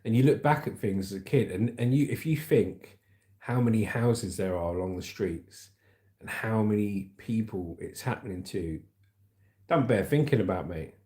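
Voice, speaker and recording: A man's voice: lowish voice, animated, moderate pace, warm tone, echoey room. A man hosting a livestream, chatting casually and rambling as he reads the news, often calling his viewers "mate".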